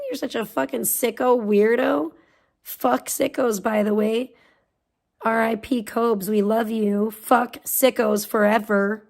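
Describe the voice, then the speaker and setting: Profane, gravelly-voiced woman livestreamer ranting. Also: fairly high pitch, a little mellow. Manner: profane, mocking rant. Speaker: livestream host. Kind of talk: livestream commentary.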